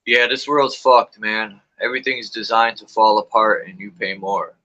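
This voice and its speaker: Speaking at a moderate pace in a fairly low, pushed, bright voice, a man hosts a casual livestream chat. He swears while telling stories and performs people's lines with big, sudden vocal jumps. The stream's sound is muffled.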